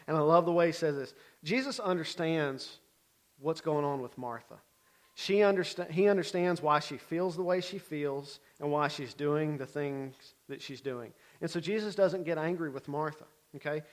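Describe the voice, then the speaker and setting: A man giving a casual, conversational sermon, often checking in with his listeners and swinging between loud bursts and quiet asides. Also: a little high. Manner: conversational, checks in with frequent "okay?". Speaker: Bible teacher.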